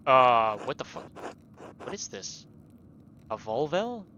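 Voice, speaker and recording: A man streaming a story game, thinking out loud and reacting casually with the odd curse. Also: mid-range voice, very animated, slow, lo-fi sound, slight background noise. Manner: thinking aloud, swearing, laughing at the game. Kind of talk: let's play commentary.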